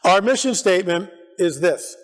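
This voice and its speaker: A man giving an animated, storytelling talk at a church conference, acting out quotes as he goes. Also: high-pitched, moderate pace. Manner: animated, acts out quotes, restarts often. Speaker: conference speaker. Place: church sanctuary. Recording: echoey church hall.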